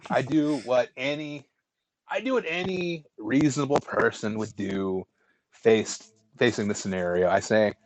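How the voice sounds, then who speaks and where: A man's voice: mid-range voice, a little slow. A man telling a long story as a podcast co-host, rambling with restarts and fillers. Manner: rambling, many restarts and fillers, animated retellings. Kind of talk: casual storytelling.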